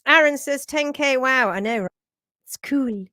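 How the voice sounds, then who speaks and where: A woman's voice: sits high, unhurried, dry recording, clean studio sound. A middle-aged woman hosting a live stream, chatting casually and greeting viewers as she reads out their comments. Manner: chatty, warm greetings, frequent restarts and laughs. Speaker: livestream host.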